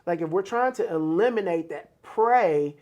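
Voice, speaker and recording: A co-host in a casual motivational chat who speaks conversationally and reflectively, often pausing on fillers. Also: mid-range voice, expressive, darkish tone, lo-fi sound. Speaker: podcast co-host.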